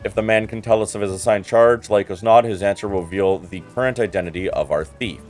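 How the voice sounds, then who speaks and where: A man's voice: fairly low pitch, fast, darkish tone, soft background music, lightly acted. A man reading aloud as a haughty, condescending male investigator from a game, in a formal, cool and superior manner.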